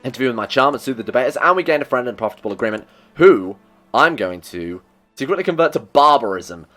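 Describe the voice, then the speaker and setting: A man hosting a strategy game playthrough, talking excitedly to his in-game characters and joking at his own mistakes. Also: medium pitch, fast, soft background music. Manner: self-mocking asides. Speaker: gaming video host. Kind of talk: let's play commentary.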